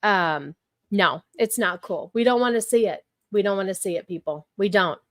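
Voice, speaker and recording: A woman's voice: mid-range voice, lively intonation, moderate pace, dry recording, clean studio sound. A woman hosting a casual livestream, chatting with viewers and repeating herself with lots of fillers. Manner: talks back to chat, many fillers and repeats. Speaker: livestream host.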